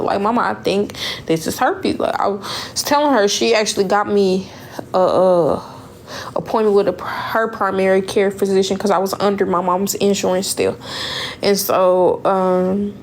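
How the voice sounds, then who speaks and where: Young woman, storytime vlog, rambling, emotional, repeats herself, middle pitch, faint background hiss. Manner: emotional, rambling, repeats words, quotes others. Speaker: vlogger.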